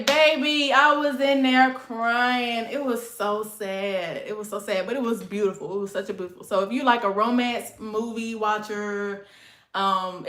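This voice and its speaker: A woman's voice: mid-range voice, fairly bright tone. A woman, chatting casually and rambling to her livestream viewers, calling them y'all and honey. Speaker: livestream host. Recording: echoey room.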